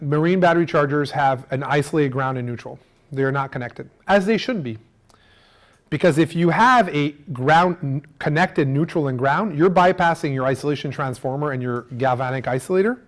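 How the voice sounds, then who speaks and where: A middle-aged man giving an animated seminar on marine electrics, using food analogies and acting out what customers say. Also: on the high side. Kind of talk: lively technical seminar talk.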